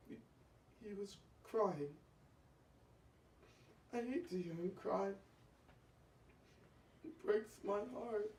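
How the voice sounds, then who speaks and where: A woman telling a comic story in the first person, stammering and breaking into loud, indignant outbursts. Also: a little high, lively intonation, slow pace, long pauses. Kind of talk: comic monologue. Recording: echoey room from far off.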